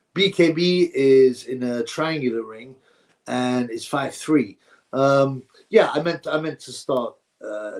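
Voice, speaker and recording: A man hosting a boxing livestream, rambling through viewer comments and giving blunt opinions in casual chat. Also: medium pitch. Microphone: streaming setup mic.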